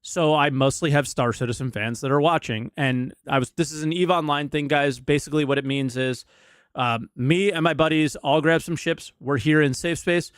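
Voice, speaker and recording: A man co-hosting a casual gaming podcast, calmly explaining a story from his stream. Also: fairly high pitch, moderate pace, clear, resonant tone, dry recording, studio quality. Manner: laid-back, explanatory storyteller.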